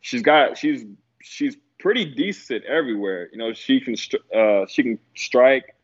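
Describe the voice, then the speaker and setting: A man's voice: medium pitch, measured pace. Laid-back man on lo-fi audio. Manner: laid-back, many fillers, laughs easily. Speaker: guest analyst. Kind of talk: casual podcast chat about fights.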